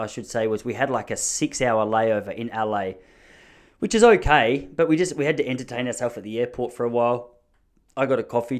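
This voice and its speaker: A man in his thirties with an Australian accent, hosting a podcast and telling rambling, jokey stories in a casual chat. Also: medium pitch. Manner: chatty, rambling, jokey storytelling. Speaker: podcast host.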